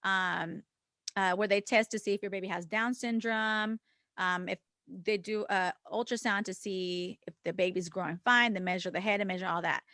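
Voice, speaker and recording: A woman co-hosting a casual podcast, speaking candidly and with feeling as she tells a personal story. She acts out the dialogue of others, drops the occasional swear word, and sits in a mid-range pitch. The recording is dry and close, with no room sound. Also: fairly even intonation, moderate pace, bright, forceful tone, dry recording. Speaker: podcast co-host.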